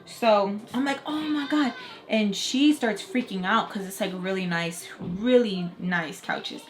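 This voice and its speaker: Young woman, casual storytime, chatty with lots of fillers, mid pitch, faint noise behind. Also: measured pace. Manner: chatty, heavy "like" fillers, animated quoting. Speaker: storytelling vlogger.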